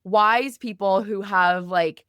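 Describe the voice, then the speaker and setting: A woman's voice: medium pitch, slow, fairly bright tone, clear, resonant tone, dry recording, studio quality. A woman hosting a podcast as a binge eating coach, talking reflectively with frequent affirming murmurs. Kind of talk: casual podcast conversation.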